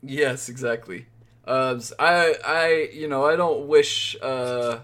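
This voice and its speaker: A man's voice: medium pitch, slow pace, a bit bright. A man co-hosting a casual sports podcast, rambling and wry, often correcting himself mid-sentence. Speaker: podcast co-host.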